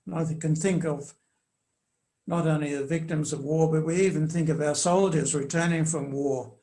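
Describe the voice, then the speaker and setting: An older man answering interview questions in a measured, hesitant way with many fillers, reading quoted passages aloud with emphasis. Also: fairly high pitch, fairly even intonation, dark tone. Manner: reads quotations aloud with emphasis. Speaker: commentator on church social teaching.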